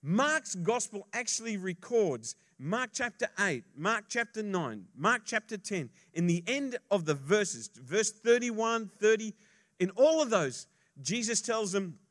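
A male pastor preaching a sermon, swinging between hushed asides and loud emphasis, and joking casually with the congregation. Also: high voice, animated, unhurried.

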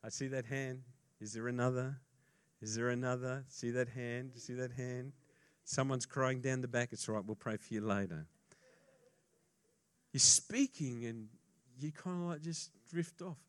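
A male pastor preaching a sermon, swinging between hushed asides and loud emphasis, and joking casually with the congregation. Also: mid-range voice, unhurried, clean tone.

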